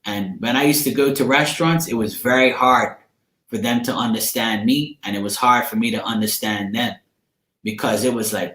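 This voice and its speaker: A man's voice: mid-range voice, moderate pace, fairly bright tone, roomy sound. A man from Bermuda with a Bermudian accent, rambling in slangy, profane casual chat as he hosts a livestream. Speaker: livestream host.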